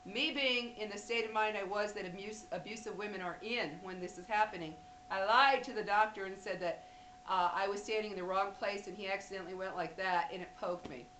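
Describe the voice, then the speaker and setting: A woman's voice: medium pitch, fairly quick, fairly bright tone, roomy sound, a little hiss or hum, low-quality recording. A woman vlogger talking straight to camera, blunt and emphatic, speaking directly to women viewers. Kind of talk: direct-to-camera advice talk.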